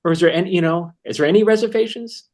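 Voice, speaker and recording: Fast-talking male podcast host. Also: sits high, a little mellow. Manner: halting, restarts questions while probing. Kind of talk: interview questions.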